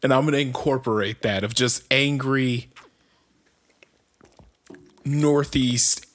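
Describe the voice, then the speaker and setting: A man's voice: medium pitch, slow pace, fairly bright tone. A man co-hosts a casual podcast and drops dry wisecracks. He jumps in with short quips and playful agreement. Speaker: podcast co-host. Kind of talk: casual chat.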